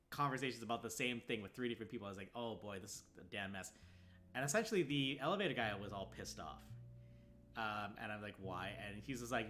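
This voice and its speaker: A man in a casual stream chat, telling a long story with lively, put-on quotes. His voice sits at an ordinary middle pitch. Music plays clearly behind him. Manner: animated, acts out the other people's lines in his story.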